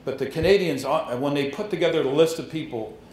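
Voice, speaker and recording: A man's voice: a little high, a little fast, a little mellow, a little hiss or hum. An older man giving an anecdotal speech at a dedication ceremony, telling stories with chuckles and restarts. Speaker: ceremony speaker. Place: hall at an outdoor marker dedication. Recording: echoey with faint ambience.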